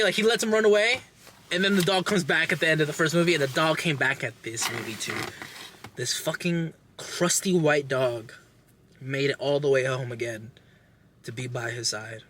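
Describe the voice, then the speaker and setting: A young man casually recapping a movie plot with lots of swearing, animated and acting out lines. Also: mid-range voice, normal speed, slight background noise. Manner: animated, profane, acts out characters' lines. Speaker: podcast host reviewing a movie.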